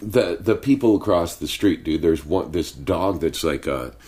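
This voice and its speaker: A young man with a very low voice tells rambling stories in casual chat. He swears freely and talks in a laid-back, unhurried way. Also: animated, a little mellow, a little hiss or hum. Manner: profane, storytelling, laid-back drawl. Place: home studio with sound blankets.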